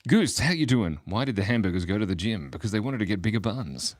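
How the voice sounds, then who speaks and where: Bouncy low-voiced man. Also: sing-song, quick pace, slight background noise. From Australia. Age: 40s. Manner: goofy, rambling, reads chat aloud, laughs often. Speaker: livestream drawing host. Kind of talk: casual chat while drawing. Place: home, early morning.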